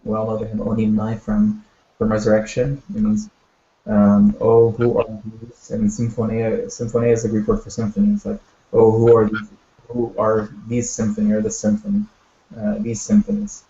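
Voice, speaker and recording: A man teaching a language class, explaining words step by step in a patient way, with many pauses and fillers. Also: lowish voice, expressive, warm tone. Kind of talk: online language lesson. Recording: echoey, dull audio.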